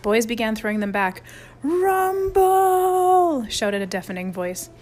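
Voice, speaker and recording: A woman's voice: medium pitch, fairly even intonation, fairly quick, soft background music. A woman narrating a children's chapter book aloud, reading expressively. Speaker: audiobook reader. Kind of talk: storybook narration.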